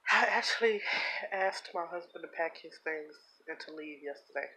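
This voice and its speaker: A woman speaking in a personal confessional vlog, earnest and heartfelt, holding back tears, with halting repeats. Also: deep voice, pushed and bright, a little hiss or hum, low-quality recording. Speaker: vlogger.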